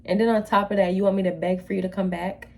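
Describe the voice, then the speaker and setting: A woman's voice: medium pitch, fairly even intonation, fast, creaky, a little mellow. A woman hosting a reaction video, giving blunt, opinionated, slangy commentary on dating stories.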